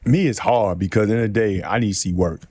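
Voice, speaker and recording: A middle-aged man from New City, telling animated stories in casual chat and acting out other people's lines with lots of laughter. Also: fairly low pitch, a little fast, no room sound. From New York City. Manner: animated storyteller acting out quotes, laughs often. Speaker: podcast guest.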